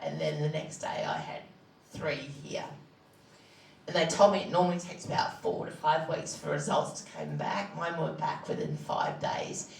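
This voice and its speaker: Woman, low voice, plain-spoken personal testimony, roomy echo. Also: creaky, recorded from a distance, slight background noise. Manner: candid, plain-spoken, halting with fillers. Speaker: charity founder telling her story. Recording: echoey room, voice from off-mic.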